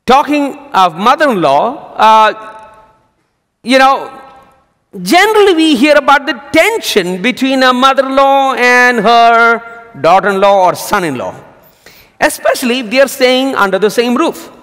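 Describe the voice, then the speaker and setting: Animated man preaching in a reverberant hall. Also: extremely high pitch, a little slow. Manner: lively storytelling preacher. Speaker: pastor. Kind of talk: sermon with jokes.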